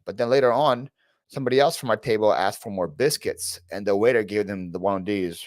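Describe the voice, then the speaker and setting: A man talks casually on his own live stream, greeting viewers by name and drifting into long, rambling stories full of "like" and restarts. His voice sits on the low side, and the sound is close and dry with little room around it. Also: animated, a little fast, dry recording. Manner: rambling storyteller, reads chat names aloud, frequent fillers and restarts. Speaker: reseller YouTuber hosting a live Q&A.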